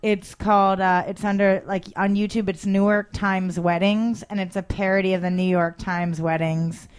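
A woman's voice: mid-range voice, level tone, moderate pace, clear, resonant tone. Rambling self-deprecating woman comic. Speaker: comedian guest. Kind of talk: casual comedy interview.

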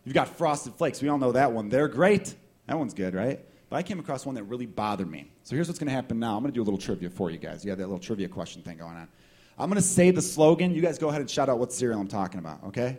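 A man doing a stand-up comedy set, riffing with profane, animated delivery in front of a small live crowd. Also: mid-range voice.

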